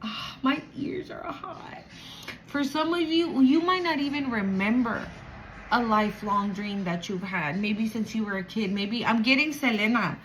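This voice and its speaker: A woman giving a channeled spiritual reading to viewers, emotional and animated, swearing casually. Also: fairly high pitch, measured pace, slight background noise, rough recording. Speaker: spiritual reader.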